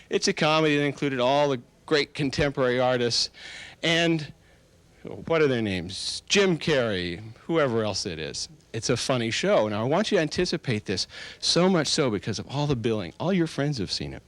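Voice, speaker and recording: A man working as a hypnotist, guiding a seated group through a stage hypnosis induction with slow, soothing, directive suggestions. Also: medium pitch, expressive, fairly bright tone, dry recording.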